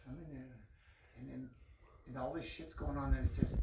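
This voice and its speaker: A man's voice: mid-range voice, steady tone, a little fast, long pauses, roomy sound, distant mic, heavy background noise. A man telling a long personal story in casual, profane talk, laughing as he goes.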